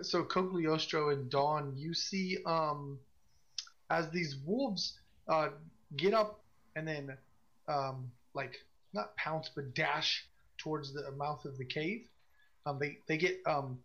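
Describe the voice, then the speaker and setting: Man, game master, hesitant with fillers, slightly high voice. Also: a bit bright, lo-fi sound. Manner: slow, hesitant, many fillers. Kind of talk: narrating a tabletop game.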